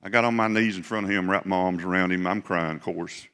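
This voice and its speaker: A middle-aged man preaching, telling a personal story in a folksy, halting way with many restarts. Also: sits low, fairly even intonation, bright, forceful tone, clean tone. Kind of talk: sermon storytelling.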